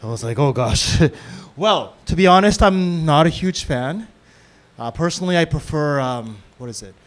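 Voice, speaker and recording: A man doing a stand-up set of deadpan one-liners and puns on a club stage. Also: on the high side, normal speed. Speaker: stand-up comedian. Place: comedy club stage with live audience.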